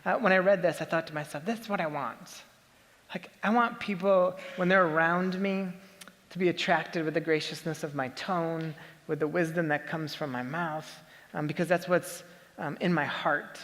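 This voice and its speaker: A man with a high-pitched voice preaching a sermon. His delivery is conversational and leans on rhetorical questions. His voice carries a long reverb from a large hall. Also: normal speed, a bit bright. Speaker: pastor.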